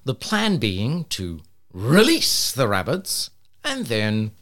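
A man's voice: medium pitch, huge pitch swings, slow pace, a bit bright. A man co-hosting a casual chat, telling a story with wry asides. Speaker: podcast co-host.

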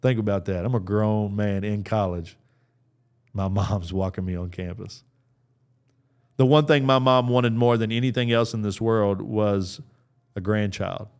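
A man's voice: fairly low pitch, a little slow, a little mellow. A man in his thirties preaching an earnest, conversational sermon, often restarting his phrases as he builds a point. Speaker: pastor.

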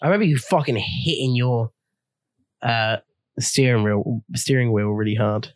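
A man's voice: mid-range voice, moderate pace, dry recording, clean studio sound. A young man co-hosting a podcast, chiming in with teasing jokes and short replies. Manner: teasing, jokey interjections. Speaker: podcast co-host. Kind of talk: casual chat.

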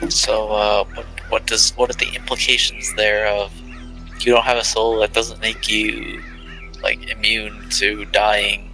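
A man with a low but very bright, sharp voice, asking hesitant questions at a game table. Faint music plays behind him. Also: flat delivery, measured pace, low-quality recording.

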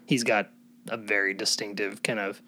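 A man's voice: lowish voice, little pitch movement, moderate pace, pushed and bright. A man co-hosting a podcast in casual chat, chatty and playful. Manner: chatty, playful, does voices. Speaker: podcast co-host.

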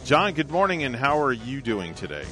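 A man's voice: mid-range voice, big pitch swings, moderate pace, bright, forceful tone, soft background music. A man co-hosting a morning radio show, jokey and chatty, bantering and interviewing a guest.

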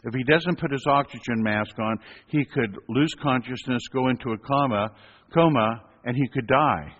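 A man's voice: medium pitch, normal speed, a bit bright, lightly acted. A man voicing a firm, insistent woman emergency room nurse. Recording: echoey hall, dull lo-fi sound.

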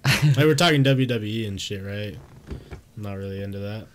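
A man's voice: fairly low pitch, brisk. A young man co-hosting a casual stream chat, playful and teasing, with slangy talk. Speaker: co-host.

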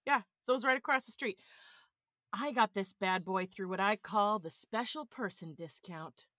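A woman's voice: medium pitch, normal speed, fairly bright tone, no room sound, studio quality. A woman chatting as a podcast guest, telling playful stories in a casual way. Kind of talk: casual chat.

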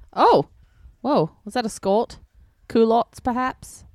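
A woman's voice: a little high, dry recording. A woman co-hosting a podcast, chatting casually in a playful, jokey way. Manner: playful, jokey, puts on slang. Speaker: podcast co-host. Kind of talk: casual chat.

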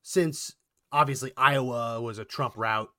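A man co-hosting a political commentary podcast, talking in a quick, animated way and getting worked up. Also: mid-range voice, dry recording, studio quality. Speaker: podcast co-host.

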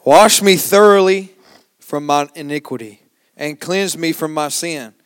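A man in a congregation reading scripture aloud in a loud, measured recitation. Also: a little high, clean tone, dry recording. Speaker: scripture reader.

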